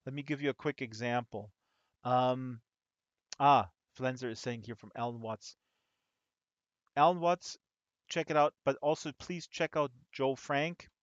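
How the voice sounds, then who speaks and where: A man hosting a casual chat, telling rambling, animated stories with many restarts. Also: mid-range voice, measured pace, pauses often, no room sound. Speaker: host. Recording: dull lo-fi dry audio.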